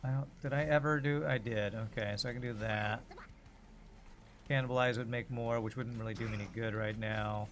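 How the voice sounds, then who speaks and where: A man's voice: mid-range voice, fairly even intonation, brisk, fairly bright tone, slight background noise. A man casually commenting on his gameplay while streaming, joking with his chat between moves. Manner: chatty, jokey, talks to chat while playing. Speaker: game streamer.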